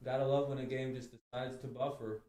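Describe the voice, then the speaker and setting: A man's voice: mid-range voice, flat delivery, a little fast, warm tone, no room sound, clean studio sound. A man hosting a live stream, chatting casually in a profane, laid-back, rambling way.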